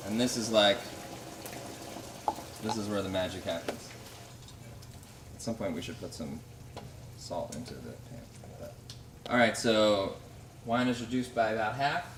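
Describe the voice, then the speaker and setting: A man casually chatting while cooking, relaxed and repeating phrases. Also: lowish voice, a little slow, pauses often, far from the mic. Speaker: cook. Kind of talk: casual cooking demo chat. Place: kitchen. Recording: echoey kitchen, mic from afar, noisy. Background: frying and sizzling.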